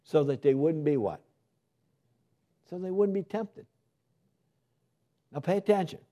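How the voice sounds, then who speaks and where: Mellow-voiced man preaching a lively sermon. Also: on the high side, unhurried. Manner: asks the congregation questions and answers them himself; urgent, repeats his exhortations.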